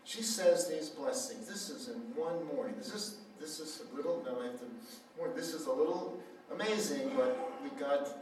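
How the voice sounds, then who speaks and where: A man's voice: on the high side, moderate pace. A man preaching at a healing center, telling a story and acting out the dialogue. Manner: animated storyteller, acts out quoted dialogue. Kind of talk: sermon with storytelling. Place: church hall. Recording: echoey hall, mic far off, faint noise.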